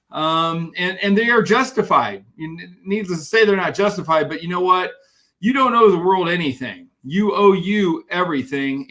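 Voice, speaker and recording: A man giving an energetic live-streamed motivational talk as a keynote speaker, greeting viewers by name as he reads their comments. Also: fairly high pitch.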